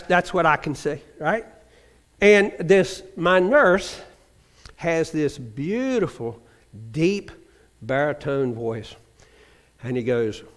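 Older man, storytelling testimony, lively upward voice, reverberant church hall. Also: on the high side. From Virginia. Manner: storytelling with acted-out quotes, humorous. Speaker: church member giving testimony. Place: church sanctuary.

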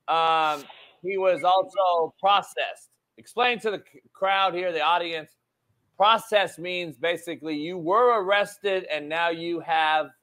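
A male sports talk host speaks with a slightly higher-than-usual voice, live on his show. He delivers the news in an animated, emphatic rush, drops casual swear words and repeats his key points to drive them home. His tone is loose, off-the-cuff commentary rather than scripted reading.

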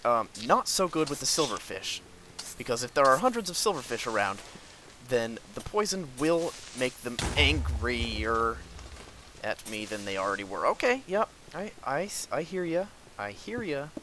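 A young man hosting a gameplay video, excitedly commenting on his own play, talking to his enemies and breaking into outbursts and laughs. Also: mid-range voice, moderate pace, a little hiss or hum, poor audio. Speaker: gaming video host.

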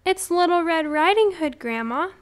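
A woman's voice: extremely high pitch, expressive, normal speed, pitched above the performer's own voice. A woman voicing a polite, curious little girl in a red hood for a storybook. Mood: calling. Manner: wide-eyed, questioning.

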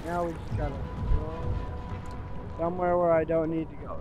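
A young man commentating his own game playthrough, excitable and swearing, shouting at the screen. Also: a little high, moderate pace, poor audio. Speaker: gaming video host. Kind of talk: let's play commentary.

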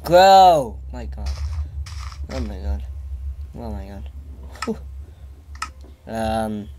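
Stammering, excitable young-sounding gamer. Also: male voice, lowish voice, extremely slow, slight background noise. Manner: stammering, excitable, repeats himself. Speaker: gaming channel host. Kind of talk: let's play commentary.

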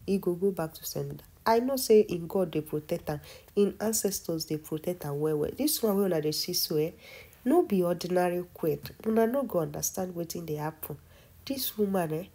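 A vlogger with a Nigerian accent gives casual commentary in a fairly low, dark, husky voice. She talks emphatically and admiringly, repeating herself for stress.

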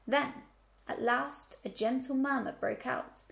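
A woman's voice: sits high, slow. Woman teacher reading a story aloud. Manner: clear, expressive storytelling. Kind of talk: reading a children's book aloud.

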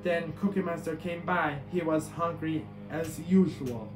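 A man reading a picture book aloud in a steady way, with small slips. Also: on the high side, a little slow. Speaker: storybook reader. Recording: echoey room with guitar music.

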